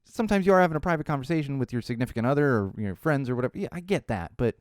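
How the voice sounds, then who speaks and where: A man hosting his own podcast, talking solo in an animated, ranting way and mocking other people's voices. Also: medium pitch, rapid-fire, no echo, studio quality. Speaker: podcast host.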